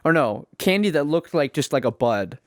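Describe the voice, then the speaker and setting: A man's voice: fairly high pitch, big pitch swings, normal speed, dry recording. A young man co-hosting a casual podcast chat, joking and laughing often. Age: young adult. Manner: joking, laughs often, talks over others. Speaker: podcast co-host.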